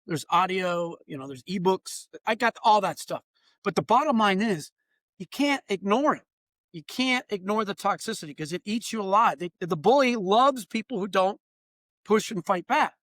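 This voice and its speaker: A man's voice: sits high, normal speed, dry recording, clean studio sound. A man in his late fifties, a consultant talking animatedly and emphatically as an interview guest. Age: late 50s. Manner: animated and emphatic, acting out quoted exchanges. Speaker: guest, diversity trainer and consultant. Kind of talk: casual interview conversation.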